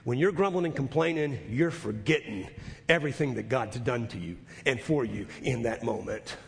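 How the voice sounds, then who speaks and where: A man preaching a sermon as pastor, emphatic and swinging from quiet to loud, often repeating words as he goes. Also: mid-range voice, normal speed, vocal fry, a little hiss or hum. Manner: repeats words and restarts phrases. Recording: long hall reverb.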